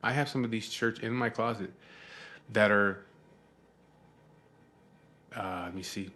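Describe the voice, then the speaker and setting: A middle-aged man talks straight to camera in an unhurried, rambling way. His voice sits very low. He swears casually and keeps checking in with his listener. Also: sharp tone. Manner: profane, rambling, frequent "you know what I mean". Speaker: vlogger.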